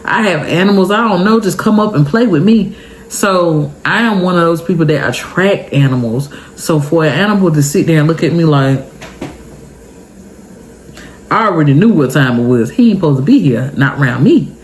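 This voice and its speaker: Young woman vlogging, kinda teary, super expressive, chats right at her viewers, light hiss behind. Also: sits low, normal speed. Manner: expressive, heartfelt, chatty, addresses viewers directly. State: tearful. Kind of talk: emotional storytime vlog.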